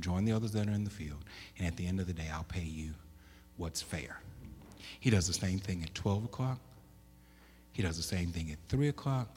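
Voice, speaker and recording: A man preaching a sermon, with loud emphatic bursts, stammered restarts and questions to the congregation. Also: deep voice, slightly rough. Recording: echoey hall.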